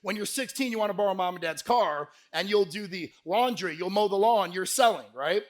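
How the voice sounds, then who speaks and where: A man giving a lively motivational sales keynote to a live conference crowd, telling stories and pushing the audience to shout answers back. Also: high-pitched, brisk. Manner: energetic, crowd call-and-response; folksy, peppered with "right?". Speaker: sales speaker.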